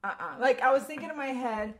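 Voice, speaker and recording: High-voiced woman in her twenties. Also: normal speed. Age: 20s. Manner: animated storytelling, acts out quotes, laughing. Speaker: storyteller. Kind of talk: casual podcast chat.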